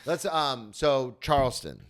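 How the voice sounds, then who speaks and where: Animated male comedian hosting a podcast. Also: medium pitch, slow. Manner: animated, acts out his own stage panic. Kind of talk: casual podcast chat.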